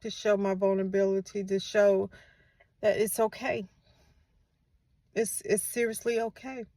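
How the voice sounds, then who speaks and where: Tearful woman with a gravelly voice. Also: mid-range voice, level tone, unhurried, dry recording. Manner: soft, emotional, repeats phrases for comfort. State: tearful, has been crying. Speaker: grieving mother, channel host. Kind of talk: heartfelt faith-based vlog.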